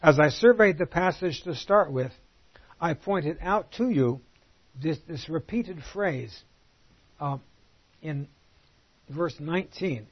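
A man with a slightly higher, husky voice teaches through a Bible passage, chatting with his listeners and posing rhetorical questions. He slows down to read each verse aloud. The recording is dull and lo-fi. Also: animated. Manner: conversational, rhetorical questions, reads scripture aloud slowly.

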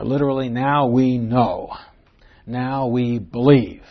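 An earnest man gives an expository Bible lesson, leaning on key words and putting rhetorical questions to his audience. His voice sits at an ordinary middle pitch. The recording is dull and lo-fi, with the top end rolled off. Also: normal speed. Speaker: Bible teacher.

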